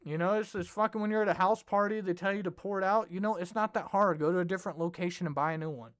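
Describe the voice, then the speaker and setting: A man's voice: high-pitched, quick pace, fairly bright tone. A man hosting a comedy show, telling rambling, profane stories in casual commentary. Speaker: podcast host.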